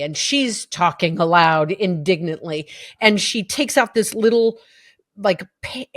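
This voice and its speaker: A woman guest on a podcast tells a personal story. She recounts it vividly and with feeling, stumbling over restarts and acting out what people said. Her voice sits in the middle of the pitch range and sounds dry, with no room around it. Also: no echo. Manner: vivid, emotional retelling with restarts and acted-out quotes.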